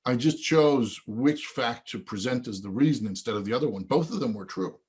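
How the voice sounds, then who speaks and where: A man being interviewed on a podcast, his voice sitting at an ordinary middle pitch. He tells a long anecdote with animation, slipping into the voices of the people in it. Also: a little fast. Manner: animated storyteller who acts out quoted dialogue. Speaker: guest, event organizer.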